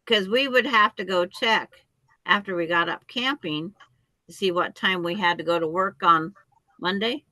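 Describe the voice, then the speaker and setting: A woman's voice: lowish voice, normal speed, sharp tone, no echo, low-quality recording. A woman chatting on a video call who argues her point insistently with many restarts. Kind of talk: casual chat.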